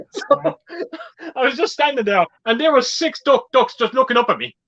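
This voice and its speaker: A man's voice: extremely high pitch, very animated, normal speed, creaky, a bit bright, highs cut off. A man hosting a casual group chat, telling stories with lots of swearing and laughter. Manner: swearing storyteller, laughs often. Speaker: host.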